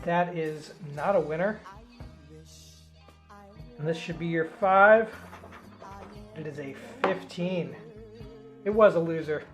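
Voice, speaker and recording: A man's voice: fairly high pitch, takes it slowly, pauses often, a bit bright, soft background music. A man hosting a casual call-in show, teasing the caller in a playful way. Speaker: host. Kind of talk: casual chat on a live show.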